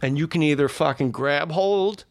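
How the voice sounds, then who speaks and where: A middle-aged man, a guest comedian, telling an animated, profane anecdote in casual chat and acting out the people in it. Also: fairly high pitch, no echo. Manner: rapid, profane, animated storyteller who acts out the other people in his stories.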